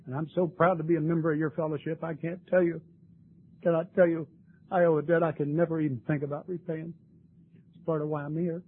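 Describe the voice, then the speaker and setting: A man's voice: fairly high pitch, flat delivery, a little fast, slightly rough. Earnest older man, tinny lo-fi tape. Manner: earnest, emotional, tearful at times. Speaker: speaker sharing his story at a recovery meeting. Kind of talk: recovery meeting talk. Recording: tinny lo-fi recording with faint noise.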